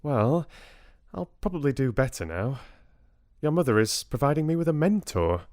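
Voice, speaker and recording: A man's voice: mid-range voice, moderate pace, dry recording, clean studio sound, voice pushed up, lightly acted. A man voicing a wry, amused young British woman in an audiobook. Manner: light, amused, lively. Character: young woman, new royal girlfriend, wry.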